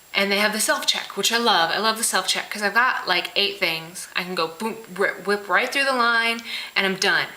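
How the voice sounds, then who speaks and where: A woman's voice: medium pitch, sharp tone, low-quality recording. A young woman vlogging in a casual rant, blunt and profane, sarcastic, slipping into meek mocking voices to imitate people. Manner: mocks others in meek put-on voices. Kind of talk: casual ranting vlog.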